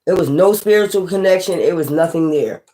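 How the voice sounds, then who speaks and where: A woman's voice: on the low side, fairly quick, dark tone. A woman tarot reader in a casual, scornful rant, blunt and profane, hammering her points home by repeating them. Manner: repetitive, emphatic.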